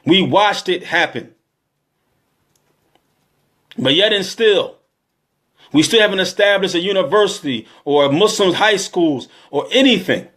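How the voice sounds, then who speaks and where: Man in his thirties, high voice, preaching with emotional, pleading repetition. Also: animated, measured pace, long pauses, fairly bright tone. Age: 30s. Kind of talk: impassioned exhortation.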